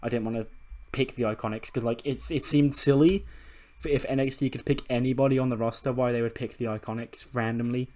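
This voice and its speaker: A man casually narrating his wrestling management game at a middling pitch. He rambles loosely, drops in fillers, and swears freely as he goes. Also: steady tone, a little fast, darkish tone. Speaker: let's play creator.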